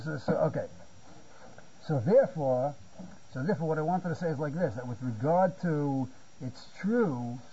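This male Talmud teacher speaks a little high, with a warm, slightly breathy tone on a lo-fi recording. Lecturing on Torah, he repeats words as he hunts for phrasing and frequently asks "you see?".

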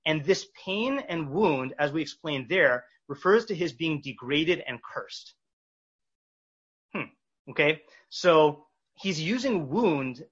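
A man teaching a text study class, reading verses slowly and explaining them with many fillers and restarts. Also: on the high side, fairly bright tone. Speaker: Torah teacher. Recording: dull lo-fi recording.

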